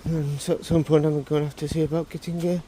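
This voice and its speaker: A man's voice: on the high side, level tone, noisy background. A tired man vlogging casually, rambling and correcting himself as he goes. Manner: rambling, halting, self-correcting. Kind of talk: casual vlog monologue.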